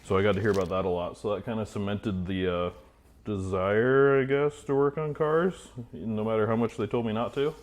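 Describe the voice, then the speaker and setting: Man, low voice, relaxed guest, plain answers, casual garage interview. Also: fairly quick. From Idaho. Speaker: podcast guest.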